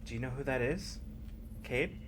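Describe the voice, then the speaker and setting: A man voicing a gentle young mother who speaks softly and tenderly in a tabletop game. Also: medium pitch, normal speed, noisy background, voice pushed up, lightly acted. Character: gentle young mother, soft-spoken woman.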